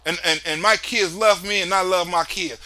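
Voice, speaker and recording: A man imitating an evasive male politician who gives hesitant, falsely smooth denials in a quieter voice. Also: high voice, fairly even intonation, moderate pace, faint music behind, voice pushed down.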